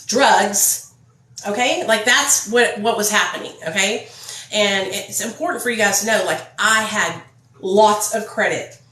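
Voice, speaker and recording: A woman's voice: medium pitch, bright, forceful tone, roomy sound, a little hiss or hum, low-quality recording. A woman telling her own story to viewers in a casual, blunt, profane vlog. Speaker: vlogger.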